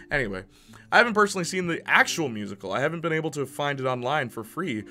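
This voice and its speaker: Animated young man chatting on stream. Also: a little high, fast, soft background music. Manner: animated, chatty, stammers and repeats words; laughs often between remarks. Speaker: live streamer. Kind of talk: casual live-stream chat.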